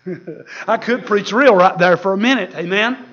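Preacher guy, real high bright voice, fiery, hollers now and then. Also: moderate pace, dull audio. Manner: fiery, preaching with shouted peaks and laughs. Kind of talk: sermon.

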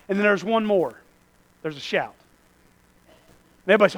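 A man preaching a sermon, folksy, calling out to the congregation and swinging from hushed asides to shouted lines. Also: high voice, expressive, a little fast, pauses often, no echo. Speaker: pastor.

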